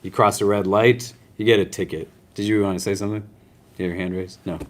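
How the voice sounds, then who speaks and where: A man's voice: on the low side, steady tone, fast talker. A man teaching a class on prayer in a casual, conversational way, often checking in with his students.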